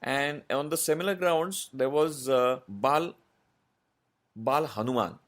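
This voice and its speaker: Man explaining with measured pauses. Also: medium pitch, fairly bright tone. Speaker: voice artist guest. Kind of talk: interview answers.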